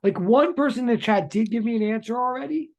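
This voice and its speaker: Speaking quickly in a mid-range voice, a physics teacher runs a live online lecture. The delivery is chatty and excitable, with questions repeated back to students in the chat.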